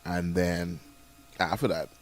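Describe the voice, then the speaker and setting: A man's voice: sits low, level tone, takes it slowly, crowd noise. A man co-hosting a morning radio show in casual chat, playful and often laughing as he rambles through restarts. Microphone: studio microphone.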